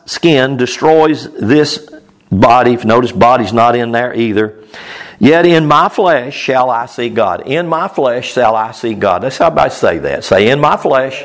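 A man preaching a relaxed, chatty Bible teaching. His voice sits in an ordinary middle pitch, and he circles back over his own phrases while leaning in toward the listeners. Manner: informal, repeats phrases, chuckles, addresses the congregation directly. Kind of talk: conversational Bible-teaching sermon.

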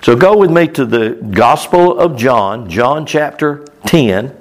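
A man's voice: medium pitch, expressive, slow, noisy background. A man preaching a sermon in a loose, conversational way, repeating his phrases, chuckling now and then and talking straight to the congregation. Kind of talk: conversational Bible-teaching sermon.

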